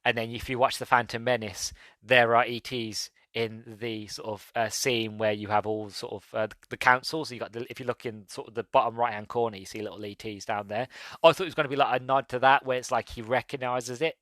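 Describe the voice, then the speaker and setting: A man's voice: medium pitch, flat delivery, fairly quick, sharp tone, no room sound. A man hosting a podcast, chatting casually and rambling through a movie review, laughing as he retells scenes. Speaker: podcast host.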